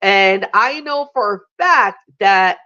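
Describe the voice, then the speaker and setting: A woman co-hosting a talk podcast, chatting excitedly and often restarting her sentences. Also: medium pitch, slow, muffled recording. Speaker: podcast co-host. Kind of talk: casual chat.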